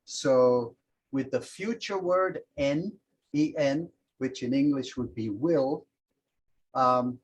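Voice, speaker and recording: A man's voice: medium pitch, slow, low-quality recording. A man teaching a language class, patiently explaining grammar and demonstrating example phrases aloud.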